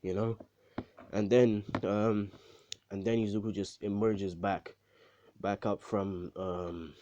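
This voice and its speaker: Low-voiced man rambling through a story. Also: darkish tone. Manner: rambling, profane, lots of fillers and restarts. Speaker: video creator. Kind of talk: casual storytelling.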